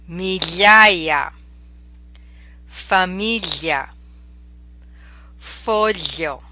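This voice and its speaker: A middle-aged woman teaching pronunciation, slowly and carefully drilling sounds and words. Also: on the low side, gravelly, background noise. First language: English. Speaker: language teacher. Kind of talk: pronunciation lesson.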